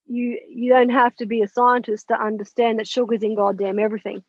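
Her voice is on the high side and slightly rough, and she talks briskly with no room sound in a dull, dry lo-fi recording. Interviewed as an author and mentor, she tells her story with animation, acting out quoted lines and throwing in some blunt, mild swearing.

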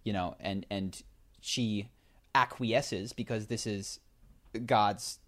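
A man telling a long story in a casual chat, animated, with many fillers and restarts. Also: on the low side, slow.

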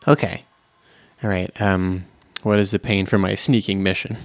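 A man's voice: sits low, level tone, normal speed, no room sound. A man playing a tabletop role-playing game, thinking aloud hesitantly with many restarts. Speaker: player.

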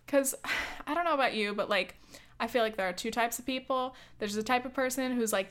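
A woman's voice: fairly quick, a bit bright. A young woman in her twenties hosting a casual solo podcast, talking freely with lots of fillers and swearing, and acting out quoted dialogue. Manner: acts out quoted dialogue with jumps in pitch. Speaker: podcast host.

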